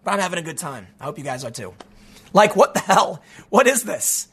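Sarcastic bright-voiced man, hoarse. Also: high voice, brisk. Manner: mocking, animated, laughs often. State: losing his voice. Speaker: political commentary host. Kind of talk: sarcastic commentary.

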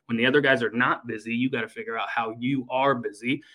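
Bright, fast-talking man, blunt and energetic. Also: mid-range voice, poor audio. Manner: energetic, blunt, swears freely. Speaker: HVAC company owner. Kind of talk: casual business podcast chat. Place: at his company office.

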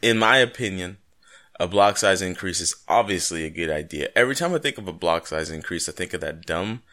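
A man's voice: low-pitched, expressive, a little fast, bright, forceful tone. A man co-hosting a casual podcast, joking and rambling through his explanations. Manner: jokey, rambling, playful asides. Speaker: podcast co-host.

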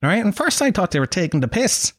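A man's voice: high-pitched, sing-song, brisk, husky, no room sound, studio quality. Sweary Irish man, comic monologue. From Ireland. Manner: sweary, sarcastic, self-mocking. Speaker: podcast host.

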